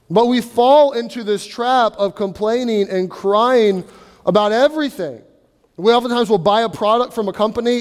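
A man with a notably high voice delivers a sermon in a church sanctuary, his words trailing into a long reverb. He preaches in a relaxed, conversational way, often slipping into playful impressions of people complaining. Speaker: pastor.

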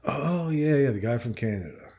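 A man's voice: medium pitch, animated, normal speed, creaky, darkish tone. A man hosting a podcast in casual chat, offhand and jokingly boastful. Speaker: podcast host.

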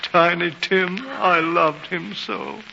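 A gentle, fatherly poor clerk. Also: sits high, fairly even intonation, slow, creaky, exaggerated voice. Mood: grieving. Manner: warm, fatherly, soft-spoken. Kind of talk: 1940s radio acting. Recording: dull hissy broadcast with long reverb.

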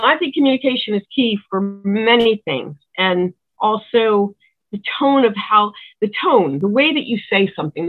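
Earnest woman over a tinny phone line. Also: medium pitch. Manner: rambling, earnest, many restarts. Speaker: musician guest. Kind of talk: casual advice-giving chat.

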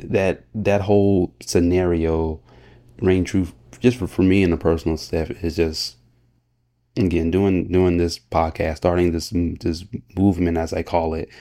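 Deep, mellow-voiced motivational podcast man. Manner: earnest, motivational, laughs often, many restarts. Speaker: podcast host. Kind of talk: casual solo podcast talk.

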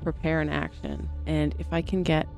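Player in a tabletop game, steady middle pitch, reads rules out, soft music under. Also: vocal fry. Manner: deliberate, reading rules aloud.

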